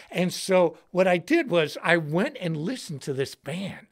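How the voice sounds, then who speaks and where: A man hosting a livestream and telling a story in an excitable, slangy way, shouting words for emphasis. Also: high voice, a little slow, hardly any pauses. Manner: slangy, says dude and bro. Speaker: host and guitarist.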